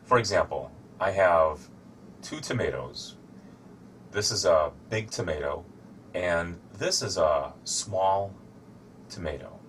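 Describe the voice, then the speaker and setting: A man giving a slow, deliberate English grammar lesson, showing objects as he explains. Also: low-pitched, a bit bright, slight background noise. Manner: shows objects to camera while explaining. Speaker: English teacher.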